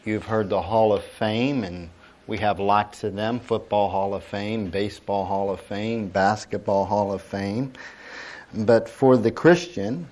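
A middle-aged man delivers a sermon at an unhurried pace. He reads scripture with weight and pauses, and asks the congregation to repeat lines back to him. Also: on the low side, a little mellow. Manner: slow, emphatic preaching with call-and-response. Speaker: pastor.

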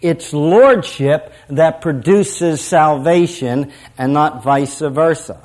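A man's voice: a little high, takes it slowly, darkish tone. A middle-aged man preaching a sermon to a prison ministry audience, emphatic and repetitive, leading the audience to repeat lines.

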